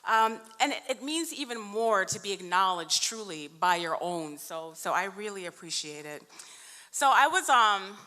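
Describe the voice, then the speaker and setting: Woman, award acceptance speech, emphatic, heartfelt, forceful bright tone, long hall reverb. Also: mid-range voice, expressive, normal speed. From New York, USA. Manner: emphatic and heartfelt, stretching key words. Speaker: award honoree and union vice president. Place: large event hall. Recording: echoey hall.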